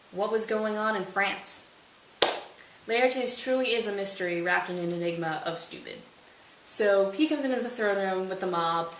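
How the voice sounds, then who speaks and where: A woman's voice: medium pitch, fairly bright tone. Woman host, sarcastic casual recap, distant mic in an echoey room, faint hiss. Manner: sarcastic, jokey. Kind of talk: casual study retelling.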